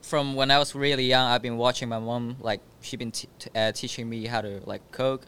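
A young man in his late teens, a guest in a casual chat, talking softly and hesitantly with many fillers. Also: mid-range voice, fairly even intonation, a little fast, slight background noise. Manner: soft-spoken, hesitant with fillers.

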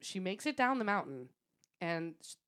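A woman with a somewhat low voice tells a story to a friend in a loose, chatty way. She laughs often and swears freely as she talks. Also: moderate pace. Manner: laughing, swearing, animated retelling. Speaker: podcast co-host. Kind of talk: casual storytelling chat.

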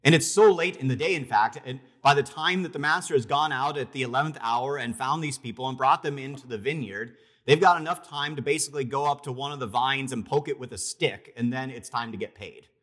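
A man preaching a sermon, retelling a parable in a conversational, storytelling way, with emphatic pauses and restarts. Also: medium pitch, a bit bright. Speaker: pastor.

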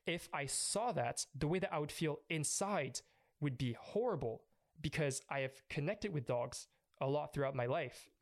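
A man's voice: on the high side, expressive, moderate pace. A young man earnestly recounting an emotional personal story as an interview guest. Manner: earnest, emotional, with frequent restarts.

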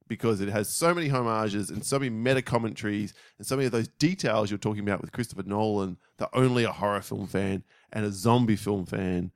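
A man's voice: lowish voice, dry recording, clean studio sound. A man co-hosting a casual film chat, emphatic and swearing for emphasis as he argues his case. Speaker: podcast co-host.

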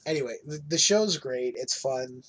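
A man's voice: mid-range voice, animated, moderate pace, a little hiss or hum. A man hosting a podcast in casual chat, blunt and crude with a joking manner. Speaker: podcast host.

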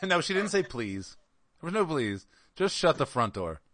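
A man's voice: fairly high pitch, very animated, moderate pace, a bit bright. A man co-hosting a casual podcast, joking and teasing, laughing easily. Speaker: co-host.

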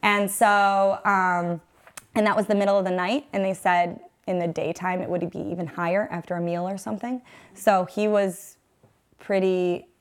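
A mother in her thirties, appearing as an interview guest, earnestly shares an emotional, faith-focused personal testimony. Her smooth, mid-range voice stays level at a normal speed.

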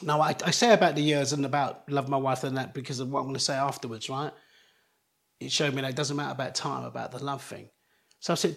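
Earnest middle-aged man, halting. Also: mid-range voice, vocal fry. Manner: earnest, halting, many restarts. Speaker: guest, DJ. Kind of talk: personal storytelling in an interview.

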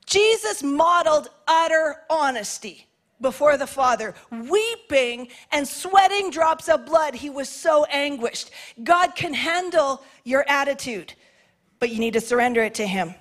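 A woman's voice: high-pitched, lively intonation, measured pace, a bit bright. A woman preaching a sermon in a passionate, conversational way, acting out quoted prayers.

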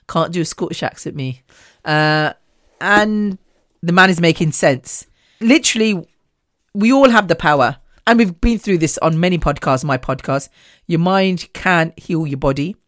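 A woman of Indian heritage hosts her own podcast solo, chatting candidly with plenty of swearing and frequent restarts. Her voice is lowish, recorded at studio quality with no echo.

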